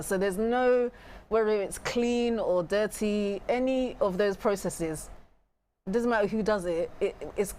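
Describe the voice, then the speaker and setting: A woman's voice: medium pitch, darkish tone, a little hiss or hum. Earnest woman guest explaining her point. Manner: earnest, explanatory, frequent restarts. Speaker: studio guest. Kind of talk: talk show discussion.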